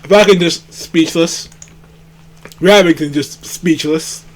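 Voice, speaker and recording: A man's voice: high-pitched, very animated, takes it slowly, long pauses, low-quality recording. A young man giving casual, slangy, incredulous commentary while playing a game. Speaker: game streamer. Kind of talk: casual let's play commentary.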